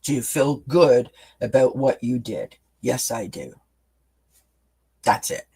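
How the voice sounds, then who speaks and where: A man's voice: mid-range voice, animated, takes it slowly, warm tone, husky, rough recording. Chatty, rambling male tarot reader. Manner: rambling and chatty, with many restarts; talks directly to viewers as friends. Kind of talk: live-streamed tarot reading chat.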